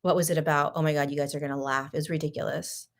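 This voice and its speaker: Animated woman with a lowish voice. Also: fast talker. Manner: animated, laughing, swings between loud and hushed; frequent 'like' and restarts, sarcastic. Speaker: host. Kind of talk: casual spiritual talk, personal storytelling.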